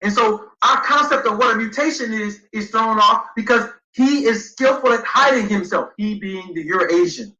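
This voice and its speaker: A man's voice: high voice, normal speed, hardly any pauses, bright, forceful tone, reverberant, highs cut off. A man speaking emphatically on a livestream, arguing his points and reading passages aloud to back them up. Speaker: guest speaker. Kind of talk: livestream debate lecture.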